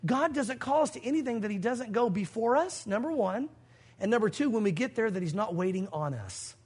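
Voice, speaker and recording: A man with a very high voice preaches to his congregation. He tells stories and acts out the voices of the people in them. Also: lively intonation, a little fast, a little mellow, husky. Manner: storytelling, acting out quoted voices. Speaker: pastor. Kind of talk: sermon.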